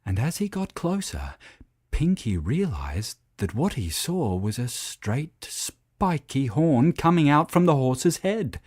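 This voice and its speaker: A man narrating a children's story in an expressive, playful reading style. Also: medium pitch, takes it slowly, no echo, studio quality.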